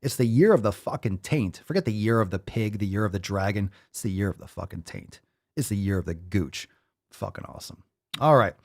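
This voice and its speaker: A man's voice: on the low side, animated, quick pace, hardly any pauses. A man hosting a podcast, ranting in a heated, mocking and foul-mouthed way. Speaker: podcast host. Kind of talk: profane fired-up rant.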